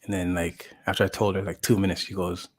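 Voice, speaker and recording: With a low voice and a level tone, a man talks fast as a podcast co-host, telling a long story casually. He rambles, uses "like" constantly, restarts himself, and acts out what others said.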